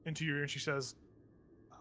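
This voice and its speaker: A man's voice: on the high side, flat delivery, fast, bright, forceful tone, slight background noise. A man running a tabletop game as game master, talking in a loose, teasing way with lots of fillers.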